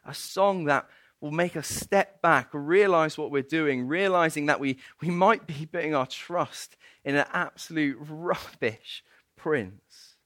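A man preaching a sermon and telling a story in an animated, playful way, often laughing. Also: on the high side, slow pace, no echo.

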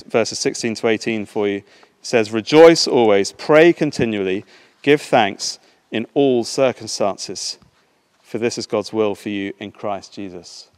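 A man preaching a sermon and reading a passage aloud, in a measured, unhurried way with some halting fillers. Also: medium pitch, darkish tone. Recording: long reverb in a large hall.

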